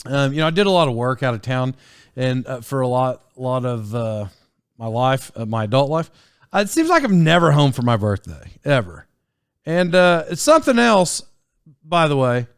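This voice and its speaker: A man's voice: medium pitch, very animated, moderate pace, smooth, dry recording, clean studio sound. A man in his forties telling stories on his solo podcast in a casual, rambling way, full of fillers and restarts. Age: 40s. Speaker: podcast host.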